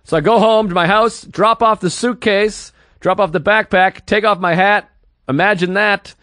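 A man's voice: high-pitched, fairly even intonation, normal speed, fairly bright tone, no echo, clean studio sound. A man rambling through a crude, offhand story on a casual comedy podcast.

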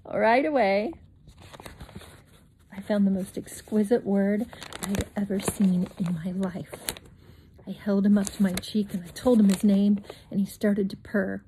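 A woman reading a children's chapter book aloud in an expressive storytime manner, pausing for chatty asides to young listeners. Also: slight background noise. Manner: expressive, with bright leaps in pitch on exciting words.

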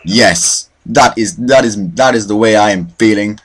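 Animated young man commentating his gameplay. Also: fairly low pitch, a little slow, hardly any pauses. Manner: self-mocking, mock-boastful trash talk. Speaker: gaming channel host. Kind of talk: let's play commentary.

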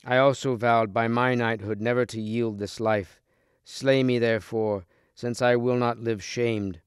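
A man voicing a fierce, proud knight who taunts his foe in a loud, raised voice, in a storybook reading. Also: medium pitch, fairly even intonation, measured pace, clean tone, no echo, clean studio sound, lightly acted. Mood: proud, grim.

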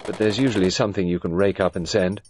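A man's voice: sits low, fast talker, a little hiss or hum, close to an everyday voice. A man voicing a tired, apathetic young woman who speaks dully and without interest. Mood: weary. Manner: dull, flat, uninterested.

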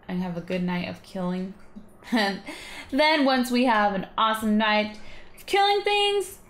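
Chatty woman narrating a game. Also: medium pitch. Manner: chatty, rambling, giggly. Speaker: gaming video host. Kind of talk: casual gameplay commentary.

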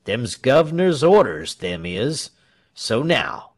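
A man doing a gruff, stubborn soldier. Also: mid-range voice, big pitch swings, slow. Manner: rough uneducated speech.

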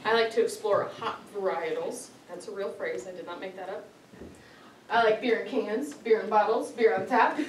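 A woman's voice: medium pitch, moderate pace, slight background noise. A woman giving a prepared speech to a club audience, lighthearted and often laughing. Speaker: club speaker. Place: meeting hall with an audience. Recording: roomy hall, mic far off, audience audible.

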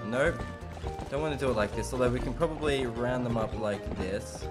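A man's voice: mid-range voice, normal speed. A man streaming a video game, giving casual, joking commentary and talking back to the characters. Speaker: let's play streamer. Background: game music.

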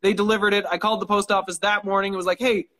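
A high-pitched man chatting in a casual interview. He rambles through his stories, swearing freely and laughing often, heard through a phone on a live stream. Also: little pitch movement, rapid-fire, fairly bright tone. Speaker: guest knife maker.

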